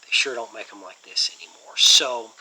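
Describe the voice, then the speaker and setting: A man's voice: medium pitch, moderate pace, pushed and bright, a little hiss or hum, low-quality recording. A man hosting a casual movie review channel, rambling enthusiastically with lots of fillers.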